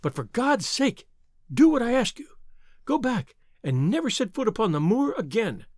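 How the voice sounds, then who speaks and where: A man voicing a young woman who gives a low, eager, urgent warning, with a slight lisp. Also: wildly swooping pitch, fairly quick, fairly bright tone, no room sound, clean studio sound, full character voice.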